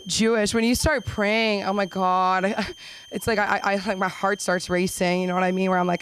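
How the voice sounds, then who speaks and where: A young woman performs stand-up at an open mic in a small club. She rambles through her material, piling on quick self-deprecating asides, at a medium pitch. Faint room noise hangs under her voice. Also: little pitch movement, a bit bright, poor audio. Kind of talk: stand-up comedy set.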